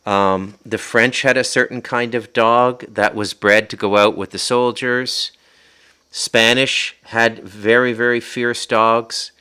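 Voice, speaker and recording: Rambling Ottawa Valley Canadian man, bright-toned. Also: mid-range voice, level tone, takes it slowly, clear, resonant tone. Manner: rambling, self-interrupting, prone to tangents. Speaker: podcast host. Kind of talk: rambling casual livestream talk. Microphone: podcast mic.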